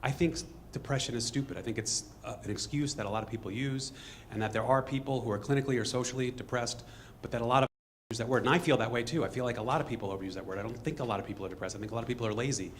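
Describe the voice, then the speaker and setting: A man telling a true story on stage to a live audience in a fast, conversational way, acting out bits of dialogue. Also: medium pitch, slight background noise.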